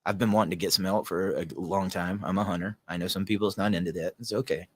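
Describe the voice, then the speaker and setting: A man's voice: low voice, fairly even intonation, fast. A man with a Southern American accent hosting his podcast, talking casually and earnestly, often repeating words. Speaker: podcast host. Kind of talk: casual solo talk.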